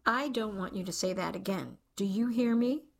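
A woman reads a fiery adult mother from a storybook, sharp-tongued and hissing when crossed, quick to regret it. The voice sits mid-range with a gravelly, creaky edge. It is lightly acted, close to the reader's own voice. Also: mid-range voice. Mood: angry. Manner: sharp and hissing, then pleading.

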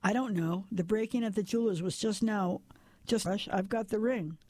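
A man's voice: sits high, darkish tone, no echo. A man voicing a brash, hot-tempered young thief who talks in a rush. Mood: rushed, hostile. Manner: rushed and hostile.

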